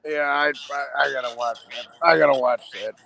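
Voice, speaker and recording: Brief: male guest, mid pitch, short keen replies. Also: fairly even intonation, fairly quick, gravelly, sharp tone. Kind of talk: casual chat.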